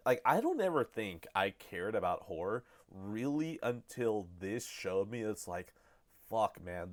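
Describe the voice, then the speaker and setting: A man co-hosting a casual podcast, joking crudely and breaking into outbursts of mock fear. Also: on the low side. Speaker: podcast co-host. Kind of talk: casual chat.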